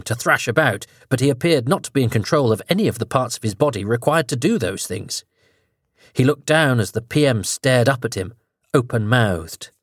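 A man narrating a dark story in a measured, dramatic storytelling manner. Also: mid-range voice, dry recording, studio quality.

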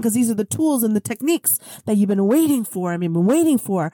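A woman delivering an inspirational spiritual monologue on her podcast, emotional and affectionate, laughing often. Her voice sits at an ordinary middle pitch. The sound is close and dry, with no room echo. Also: lively intonation, fairly quick, a little mellow. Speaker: podcast host.

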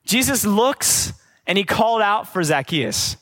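A man with a high voice preaches a sermon. He drives each point home with repeated rhetorical questions and drops into casual, conversational asides. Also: animated, unhurried, fairly bright tone.

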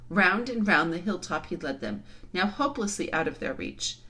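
A woman reads a children's novel aloud with expressive, dramatic storytelling. Her voice sits low but moves a great deal in pitch, giving the narration life. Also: moderate pace. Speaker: storybook reader.

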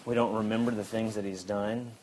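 A man's voice: fairly low pitch, brisk, a little hiss or hum. Young man preaching a conversational sermon. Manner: conversational preaching, lively swings from loud to quiet. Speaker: pastor.

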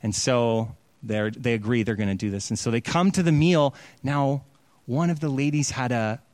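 A man's voice: medium pitch, fairly even intonation, normal speed, a little mellow, dry recording. A man preaching, animatedly retelling a story and acting out its quotes in a casual sermon style. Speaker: pastor.

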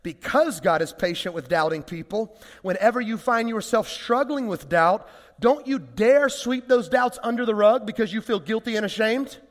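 Animated male pastor preaching. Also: high-pitched, moderate pace. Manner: conversational, animated preaching with rhetorical questions. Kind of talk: sermon. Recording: long reverb of a large hall.

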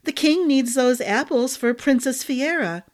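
A woman's voice: sits high, measured pace, voice pushed up. A woman voicing a gossipy, motherly head cook who talks with emphatic fondness.

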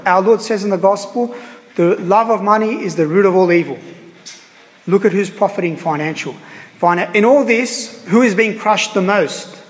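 A man with a high voice preaches to his congregation, earnest and halting, often repeating himself and pausing on fillers. His words ring out with a long reverb in a church. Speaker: priest. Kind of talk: sermon.

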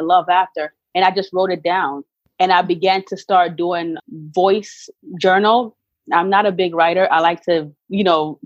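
Woman guest, middle-aged, emphatic and candid; low voice, muffled dry recording. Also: dry recording. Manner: earnest, emphatic, faith-filled storytelling. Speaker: guest, author and actress. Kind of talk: candid interview talk.

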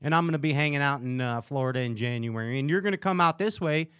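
A man hosting a casual podcast, joking and playful, with bursts of excitement. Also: medium pitch, fast, clean tone, no echo, clean studio sound. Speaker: podcast host.

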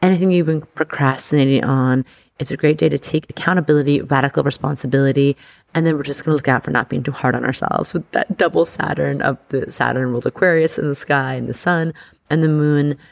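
A woman hosting an astrology podcast, talking in a chatty, excitable way full of "like". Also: deep voice, fast, gravelly. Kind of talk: casual podcast monologue.

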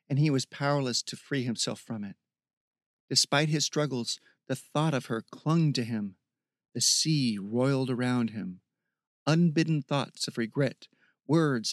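A man narrating a fantasy audiobook, reading in a measured, evocative way. His voice sits in an ordinary mid pitch, and the recording is close and completely dry. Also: no room sound. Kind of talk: scripted narration.

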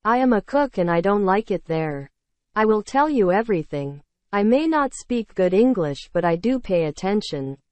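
A woman's voice: mid-range voice, animated, moderate pace, darkish tone, no room sound, natural voice. A woman playing a former diner cook who testifies against her boss in broken, plain English. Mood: resentful.

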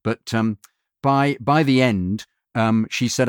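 A man's voice: mid-range voice, lively intonation, measured pace, dry recording, clean studio sound. A male voiceover artist telling an anecdote in a rambling way, full of restarts and fillers. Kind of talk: anecdotal storytelling.

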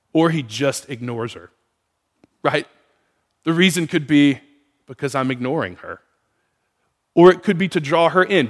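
Man, pastor, sermon, animated questioning, bright lively pitch, reverberant hall. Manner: animated, asks the room questions. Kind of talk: sermon to a congregation.

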